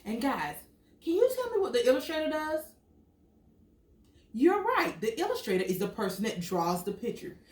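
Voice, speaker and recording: Animated woman reading a picture book to kids. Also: high-pitched, normal speed, long pauses. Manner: expressive storytelling, acts out sound words and quizzes children. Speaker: teacher. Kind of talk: picture-book read-aloud lesson for young children. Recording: echoey room, mic at a distance.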